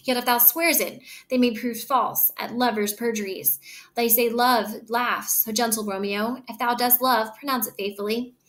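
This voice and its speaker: A woman lending her own voice to a lovestruck young woman, earnest and guarded, reading the old verse aloud and tripping over a word here and there. The voice sits a little high for a woman. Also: steady tone, normal speed, fairly bright tone, close to an everyday voice. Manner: reads the old verse aloud, stumbling on words.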